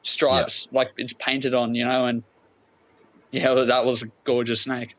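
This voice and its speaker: This Australian man talks in a relaxed, easygoing way with plenty of fillers, and he sounds enthusiastic about his story. His voice sits in a middle pitch. The audio is dull and lo-fi. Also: measured pace, a little hiss or hum. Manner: laid-back, enthusiastic, lots of fillers. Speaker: podcast guest. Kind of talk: casual storytelling.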